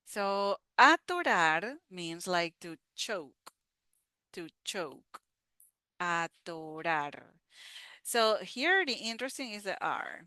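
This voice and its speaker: A woman teaching a slow pronunciation lesson, patiently repeating each word. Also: fairly low pitch, lively intonation, pushed and bright, no echo. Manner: patient, repeats words slowly. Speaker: Spanish teacher.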